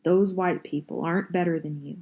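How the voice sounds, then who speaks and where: A woman reading aloud and voicing a loving, worn-out father who speaks softly and tenderly to his son. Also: lowish voice, steady tone, a little fast, slightly rough, narrow, tinny audio. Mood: encouraging.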